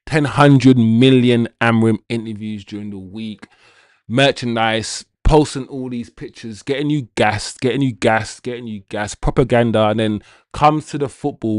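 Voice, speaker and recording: A man's voice: mid-range voice, a little mellow, smooth, no echo, clean studio sound. Frustrated man ranting live. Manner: ranting, frustrated, swearing, talking to the chat. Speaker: football watch-along host. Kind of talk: live-stream commentary and chat.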